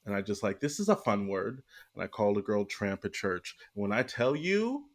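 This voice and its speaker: A man co-hosting a podcast, telling lively anecdotes in a playful, casual way. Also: on the low side, normal speed. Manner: playful storyteller, quoting with voices. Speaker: podcast co-host.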